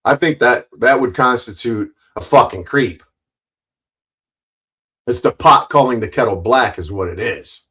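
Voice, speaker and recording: A man's voice: mid-range voice, measured pace, long pauses, sharp tone, slightly rough. A man doing angry ranting commentary on a livestream, profane and confrontational, often stumbling and repeating words. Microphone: streaming mic.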